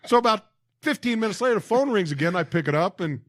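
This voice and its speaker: A man's voice: high-pitched, expressive, fast talker, dry recording, studio quality. A man in his sixties, a guest on a podcast, telling anecdotes with acted quotes and lots of restarts. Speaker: guest, former football player. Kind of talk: casual storytelling interview.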